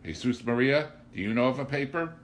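A man voicing a crafty vagabond who speaks gently and politely, playing innocent. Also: mid-range voice, expressive, a little fast, slight background noise, voice pushed up, natural voice. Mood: sly, polite.

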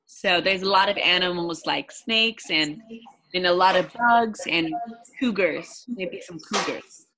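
Bright-voiced woman tutoring a child. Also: fairly low pitch, unhurried, a little hiss or hum, low-quality recording. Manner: patient, encouraging, explains simply. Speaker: English teacher. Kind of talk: online tutoring lesson with a child.

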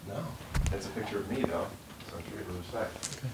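Chatting with a guest from his living room, a podcast host rambles and keeps restarting in a casual conversation. His voice sits on the low side and moves briskly, picked up by a podcast microphone over heavy background noise.

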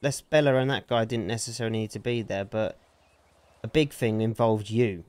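A man's voice: on the low side, fairly even intonation, moderate pace, a little mellow, clear, resonant tone, dry recording. A man in an in-character roleplay argument, aggrieved and defensive, swearing often. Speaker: roleplay streamer.

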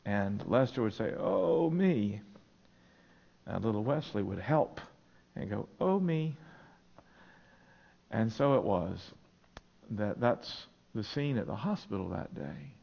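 A man's voice: lowish voice, a little slow, gravelly, a little mellow, slightly rough. A male pastor preaching a sermon in a church, telling stories in an earnest way. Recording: dull lo-fi sermon recording.

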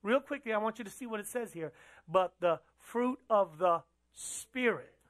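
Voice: medium pitch, expressive, moderate pace. A pastor preaching a sermon in a church, talking conversationally, asking the audience questions and repeating phrases for emphasis.

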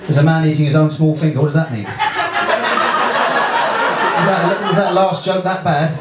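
A man with an English accent doing a stand-up comedy set in a small club, deadpan and offhand, chatting with the crowd. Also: fairly high pitch, moderate pace. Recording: echoey comedy club with loud noise.

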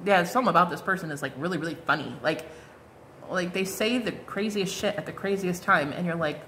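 A woman's voice: lowish voice, a little fast, a bit bright, slight background noise. A woman giving a casual tarot card reading, chatty and bubbly, full of fillers and exclamations. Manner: chatty, bubbly, lots of "like" and "oh my God".

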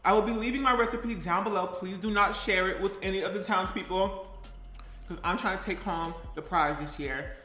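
A man's voice: high-pitched, bright, forceful tone. A man playing a tired, chatty young woman baker on a live stream, giggling and reading viewer comments aloud. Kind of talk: character live stream comedy. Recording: roomy echo, faint music.

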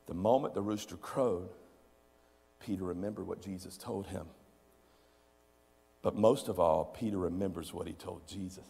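A male preacher giving a sermon, repeating phrases emphatically and swinging between loud peaks and quiet, low stretches. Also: slightly rough, big-room sound.

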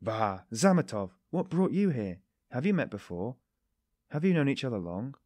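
A man narrating an audiobook, voicing a hot-tempered young man who shouts in exasperated outbursts. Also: mid-range voice, big pitch swings, moderate pace, no room sound. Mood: boisterous.

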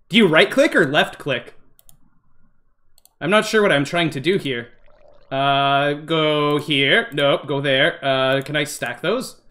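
High, bright-voiced excitable male gamer. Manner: excitable, easily startled, narrates every move; talks to viewers as "guys". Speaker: gaming channel host. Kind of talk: let's-play gaming commentary.

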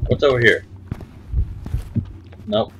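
A man's voice: takes it slowly, bright, forceful tone, slight background noise, poor audio. A young man hosting his own gaming channel, giving jumpy, frightened commentary on a horror game and muttering to himself.

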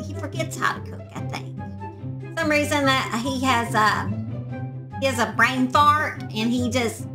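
A woman telling a true crime story in a casual, rambling way, often sidetracked. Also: sits high. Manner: chatty, rambling, easily sidetracked. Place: backyard shed.

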